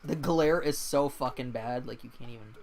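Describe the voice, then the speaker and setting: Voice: medium pitch, moderate pace, gravelly, a little mellow. An exhausted, yawning streamer in casual game-stream chat, ranting and swearing with exasperation.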